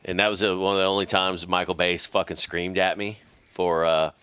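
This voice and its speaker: A middle-aged man telling a profane, animated story in casual podcast chat. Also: low voice, a little fast, clean tone, no room sound.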